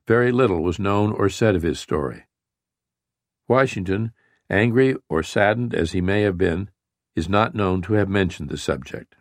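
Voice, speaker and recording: Reading history aloud from a script, this man narrates audiobooks in an even, measured storytelling style. His pitch is fairly low, and the sound is studio quality with no echo.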